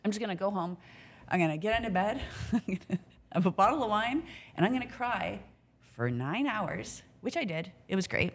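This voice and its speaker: Candid, animated woman telling a story. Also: medium pitch, moderate pace. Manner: candid, animated storyteller who casually swears. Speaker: restaurant business co-owner, guest. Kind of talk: casual podcast conversation.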